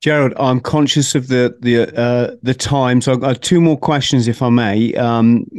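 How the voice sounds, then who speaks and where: A man's voice: medium pitch, fairly even intonation, measured pace, no room sound. Male podcast host, polite and deferential, resonant voice in a dead, dry booth. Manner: polite, deferential, hesitant with fillers. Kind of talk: podcast interview.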